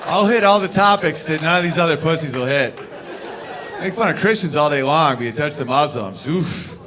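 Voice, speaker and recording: A man performing a brash stand-up comedy set on a club stage, bursting into loud shouted bits. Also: a little high, expressive, normal speed, a crowd in the background.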